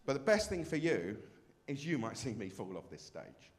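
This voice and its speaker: A man's voice: mid-range voice, big pitch swings, normal speed. A man performing a brash, self-mocking stand-up comedy set on a club stage.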